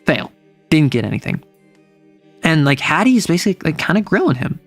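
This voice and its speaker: A man's voice: a little high, big pitch swings, a little fast, gravelly, faint music behind. A man streaming from home, casually retelling his tabletop game session in a rambling way full of fillers and self-corrections.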